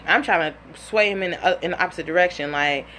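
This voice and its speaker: A woman's voice: fairly low pitch, fast, a little hiss or hum. A young woman in her twenties telling a personal story in a casual, blunt and profane way, acting out what people said. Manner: animated, blunt and profane, acts out quotes.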